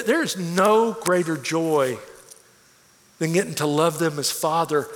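Earnest pastor in an echoing hall. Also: male voice, fairly high pitch. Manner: earnest storytelling, swings from hushed to emphatic. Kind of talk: sermon. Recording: long reverb of a large hall.

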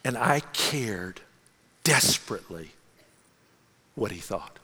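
A middle-aged man, a senior pastor, telling a self-mocking story in an animated way during a sermon. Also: lowish voice, slow, husky, long reverb tail.

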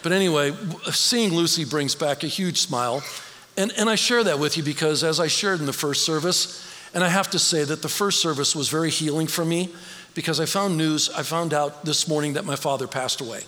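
A middle-aged man speaks to a congregation in a loose, storytelling way, his bright, forceful voice ringing through the church sanctuary. A long reverb trails each phrase, and a faint room hum sits underneath. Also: fairly high pitch, brisk. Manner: conversational, storytelling, emotional at times. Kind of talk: personal sermon talk.

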